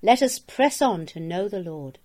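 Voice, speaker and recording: A woman reading a daily devotional of Bible verses in a measured, solemn manner, with each verse and its reference read out. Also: medium pitch, animated, a little mellow. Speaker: scripture reader.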